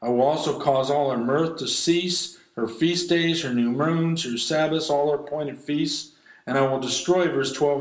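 A man's voice: on the high side, unhurried. Impassioned preacher man, echoey room. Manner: impassioned, rising and falling delivery. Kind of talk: sermon.

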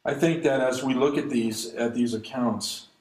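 A man preaching an expository sermon, reading scripture aloud and commenting on it, slowing down to stress key lines. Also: mid-range voice, fairly even intonation, a little mellow. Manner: reads verses aloud then comments, slows for emphasis. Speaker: pastor. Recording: echoey room.

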